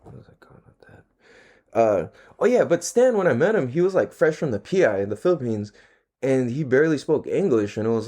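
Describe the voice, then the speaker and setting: A relaxed man chatting on his own podcast, mid-pitched and easygoing. His talk is loose, slangy and full of swearing, and he breaks into laughter often. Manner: laid-back, slangy and profane, laughs often. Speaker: podcast host. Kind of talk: casual solo podcast chat.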